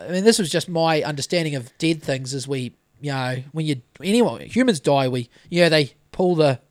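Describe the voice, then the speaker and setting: A man's voice: on the high side, no room sound, studio quality. A man in his thirties with a New Zealand accent, telling a rambling story on a casual podcast and swearing freely. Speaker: podcast host. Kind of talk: casual chat.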